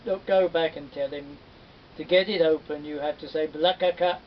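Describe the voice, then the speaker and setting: A man's voice: steady tone, moderate pace, lightly acted. A man voicing a stern, no-nonsense hunter father in a folktale, curt and commanding. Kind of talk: folktale storytelling. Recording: dull distant recording with faint rumble.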